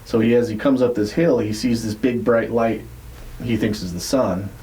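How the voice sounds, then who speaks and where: A man on a podcast telling a story in a casual, rambling way, swearing freely and filling pauses with "like" and "uh". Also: mid-range voice, warm tone, poor audio. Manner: rambling, profane, many fillers. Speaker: podcast co-host.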